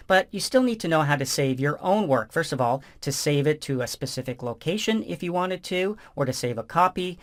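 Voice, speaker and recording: A man walks through a software screencast, talking the listener through each click in a relaxed, conversational tone. His voice sits at an ordinary middle pitch for a man. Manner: relaxed, conversational step-by-step explaining. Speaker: software instructor. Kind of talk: screencast tutorial narration.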